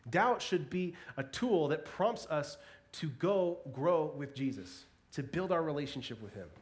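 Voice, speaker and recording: A man's voice: on the high side, expressive, measured pace. A man preaching a sermon in a church, earnest and emphatic, swelling and dropping his voice for emphasis. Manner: earnest, varies pace and volume for emphasis. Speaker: pastor.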